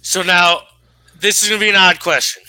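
A man interviewing a guest in a casual chat, reacting with quick, enthusiastic remarks. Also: high-pitched, fairly even intonation, pushed and bright, clear, resonant tone, poor audio.

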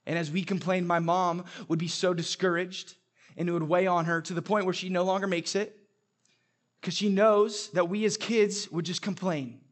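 A man's voice: high-pitched, steady tone, normal speed. A young adult man preaching a sermon, telling stories with humor and emphatic repetition. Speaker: pastor.

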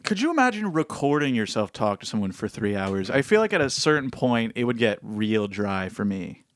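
Young dude cohosting a podcast, super animated voice that swoops up and down, laughs a lot, dry close mic. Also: male voice, medium pitch, normal speed, no echo. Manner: laughs often, jokey and self-mocking. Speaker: podcast co-host. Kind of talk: casual podcast chat.

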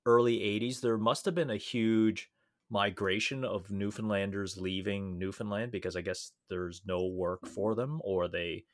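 Lower-voiced man chatting casually. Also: steady tone, unhurried. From Canada. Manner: chatty, laughs often, many fillers and restarts. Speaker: podcast co-host. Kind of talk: casual chat.

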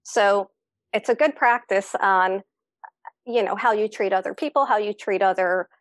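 A woman's voice: medium pitch, moderate pace, no room sound. Reflective woman on a dry mic. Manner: reflective, encouraging, many fillers. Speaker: podcast guest, entrepreneur. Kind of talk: casual podcast conversation.

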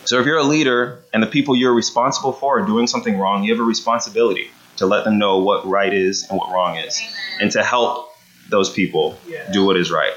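A man's voice: fairly low pitch, steady tone, a little fast, fairly bright tone. A man giving a conversational sermon, often checking in with the room by asking "right?". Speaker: preacher. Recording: dull lo-fi sound.

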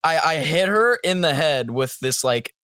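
A man's voice: a little high, expressive, measured pace, pushed and bright, no room sound. A man in a casual chat with friends, telling a story in a blunt, crude, joking way. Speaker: podcast co-host.

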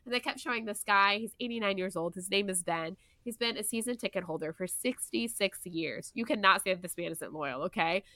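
A young woman, co-hosting a casual podcast chat, animated and full of "like" and "you know". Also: mid-range voice, brisk, few pauses, no echo. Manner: chatty and animated, many "like" and "you know" fillers. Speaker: podcast co-host.

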